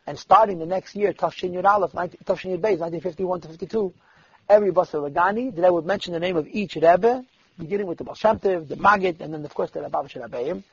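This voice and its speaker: Gravelly, husky high-voiced male storyteller. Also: fast, no room sound. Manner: lively storyteller who voices the people he quotes. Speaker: storyteller at a religious gathering. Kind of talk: sermon-like storytelling. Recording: dull lo-fi dry recording.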